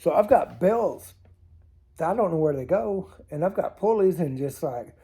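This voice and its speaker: Man rambling thru dumb stories on camera, laughs at himself, warm kinda raspy tone. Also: on the high side, animated, moderate pace. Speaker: storytelling vlogger. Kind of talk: casual storytelling to camera. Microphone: camera mic on a tilting setup.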